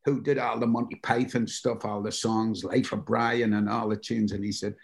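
A Geordie man from the North East of England, a guest telling stories with animated delivery and putting on other people's voices. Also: on the low side, normal speed, gravelly. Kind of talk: anecdotal storytelling.

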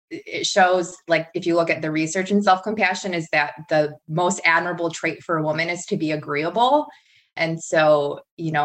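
A woman's voice: sits low, a bit bright. A woman who is a guest on a podcast, explaining ideas thoughtfully in a casual interview. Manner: thoughtful, explanatory, cites research.

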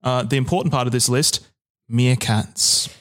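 A man co-hosting a podcast who tells stories in casual chat, rambling and self-deprecating and often restarting his sentences. His voice sits at a middling pitch. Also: steady tone, normal speed, a bit bright. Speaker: podcast co-host.

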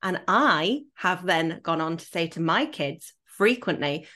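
A podcast host, a woman with a Yorkshire accent, talks things through in a thoughtful, measured way. Her voice sits on the lower side for a woman. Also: animated, bright, forceful tone. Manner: thoughtful and empathetic, explaining in a measured way. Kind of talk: conversational podcast interview.

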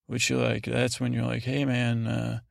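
Male podcast host, flat gravelly delivery, meandering sleepy recap, dry close sound. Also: mid-range voice, no echo. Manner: meandering, halting, full of fillers; paraphrases scenes in casual voices.

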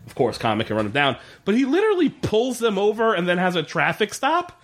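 Guy recapping an episode, swears a lot, laughs, voice jumps all over, kinda high. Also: fast talker. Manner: animated, swearing, laughing, acting out quotes. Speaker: podcast co-host. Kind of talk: casual chat recapping a TV episode.

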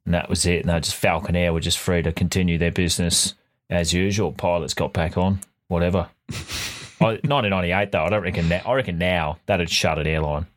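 Deep-voiced Australian man, dry and profane. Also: steady tone, fairly quick. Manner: dry, profane, sardonic storytelling. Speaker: podcast co-host. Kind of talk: casual chat.

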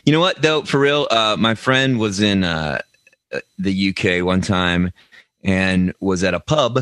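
A man's voice: low-pitched, unhurried, a bit bright, clear, resonant tone, no echo. A man co-hosting a comedy podcast, riffing jokily and often slipping into silly voices. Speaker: podcast co-host. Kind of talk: comedic banter.

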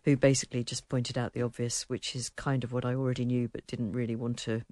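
Dry, low-voiced woman radio host. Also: level tone, fast talker, darkish tone, dry recording. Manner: chatty, wry, reads listener emails aloud. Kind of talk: casual chat.

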